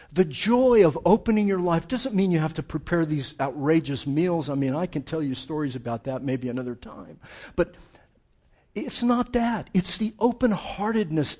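A male preacher with a somewhat high voice delivers a sermon through funny, animated stories. He slows down for emphasis and swings between loud and quiet. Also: breathy edge. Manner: animated, humorous storytelling, dramatic slowdowns. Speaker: pastor.

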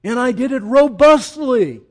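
A man preaching a sermon, swinging from loud emphatic peaks to quiet, low asides and putting direct questions to the congregation. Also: expressive, unhurried. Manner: emphatic, rising to loud peaks then dropping low and intimate. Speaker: pastor.

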